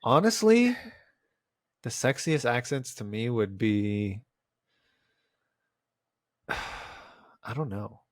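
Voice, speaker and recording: A young man joking through a casual podcast chat, laughing often. His voice is mid-pitched and sits close and dry on the mic. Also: very animated, drawn-out words, long pauses, no room sound. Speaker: podcast co-host.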